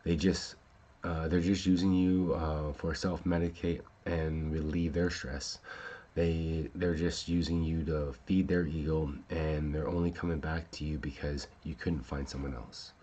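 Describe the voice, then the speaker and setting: A man's voice: a bass voice, little pitch movement, unhurried, warm tone. A man hosting a casual talk show, rambling with many fillers and restarts and swearing when upset. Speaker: podcast host.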